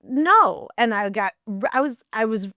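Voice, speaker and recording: Woman, guest storyteller; animated, acts out the dialogue, smooth resonant voice, dry close sound. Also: on the high side, normal speed, no room sound. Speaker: guest, burlesque performer. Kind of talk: casual storytelling in a podcast interview.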